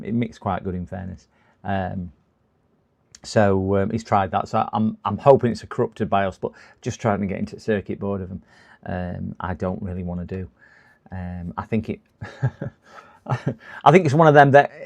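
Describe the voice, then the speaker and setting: Man, gravelly, lively pitch, rambling repair-stream chat. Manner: chatty, rambling, laughs to himself. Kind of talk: casual live-stream commentary while repairing.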